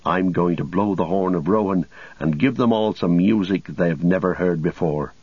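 Man reading as a commanding young hobbit, urgent, low husky voice, dull lo-fi. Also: normal speed, no room sound. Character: resolute young male hobbit leader, urgent. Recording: dull lo-fi recording.

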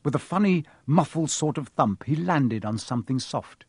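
Man, husky voice, expressive storybook reading, dry close recording. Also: a little high, normal speed, dry recording. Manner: expressive, changes voice for each character. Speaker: narrator.

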